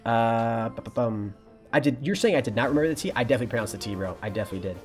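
Fast-talking young male game streamer. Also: mid-range voice, soft background music. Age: young adult. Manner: relaxed, chatty, reads and answers chat. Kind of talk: casual live-stream chat while playing.

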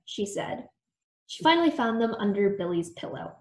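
A woman reading a children's storybook aloud in an expressive storytelling manner. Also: medium pitch, normal speed. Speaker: storytime reader. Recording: echoey room.

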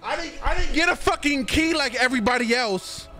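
A young man with a high, very lively voice, reacting to a video game as he plays. He is excitable and profane, and breaks into loud outbursts between bouts of joking banter. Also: a little fast, over music.

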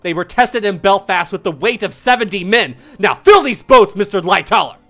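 A man's voice: high-pitched, animated, moderate pace, a bit bright, faint music behind. A man doing a film impression of a stern male ship designer who scolds an officer in a clipped, commanding way.

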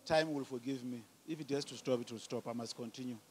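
A man preaching a sermon as pastor, asking the congregation questions and swelling from quiet teaching to loud calls. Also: mid-range voice, fast talker, soft background music. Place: church hall.

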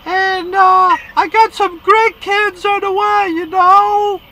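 A prim elderly queen prattles in a very high, sing-song-free, flat tone, as a man puts her on. She speaks slowly in a bright, thin voice. Her words plead for money. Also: heavily acted. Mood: wheedling. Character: elderly female monarch begging for money. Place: inside a van.

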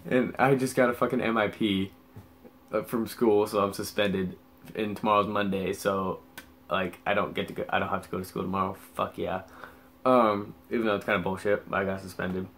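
A man's voice: fairly low pitch, little pitch movement, moderate pace, creaky, a bit bright, a little hiss or hum. A young man telling a story in a rambling, casual way, swearing heavily and filling gaps with "like". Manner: rambling, heavy swearing, lots of fillers. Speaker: vlogger.

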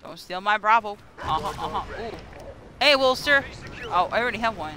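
A woman streaming live gameplay commentary, excitable and squealing, talking to the game as she plays. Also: mid-range voice, normal speed, noisy background.

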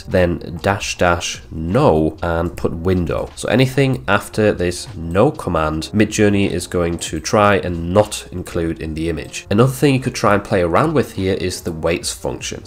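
A man hosting a screen-recorded software tutorial, explaining each step plainly as he walks through the clicks. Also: low-pitched. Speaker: tutorial host.

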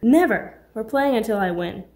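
A woman reading an audiobook, voicing a friendly, joking man with a loud, bouncy delivery. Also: medium pitch, sing-song, brisk, voice pushed up. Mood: competitive. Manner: boisterous, teasing. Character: friendly joking adult male party guest. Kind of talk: audiobook character voice.

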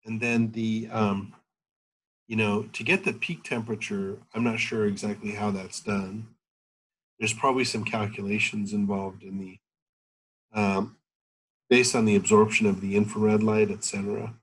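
A man with a low, husky voice teaches a university chemistry class through his computer mic on a video call. He thinks aloud as he goes, stopping often on fillers before he finds the next point. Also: level tone, moderate pace, poor audio. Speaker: chemistry lecturer.

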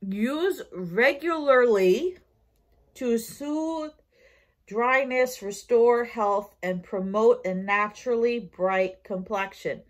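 Woman, New York accent, slow, tired, rambling, casual haul vlog. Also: a little high. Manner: rambling, self-correcting, with fillers. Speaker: haul vlogger.

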